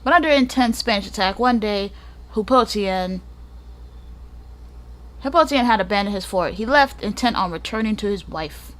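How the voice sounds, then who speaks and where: A woman's voice: medium pitch, animated, normal speed, pauses often, a bit bright. A woman hosting a gaming channel, reading a book aloud and breaking off for joking asides, sometimes stumbling over hard names.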